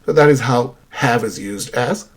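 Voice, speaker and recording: A man's voice: medium pitch, a little slow. A man teaching an English grammar lesson, explaining with many example sentences and checking in with "right?".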